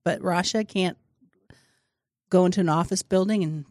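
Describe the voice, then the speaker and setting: A woman's voice: fairly low pitch, moderate pace, warm tone, dry recording, studio quality. A woman chatting casually and playfully, slipping into mock voices and comic bits. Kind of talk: casual comedic chat.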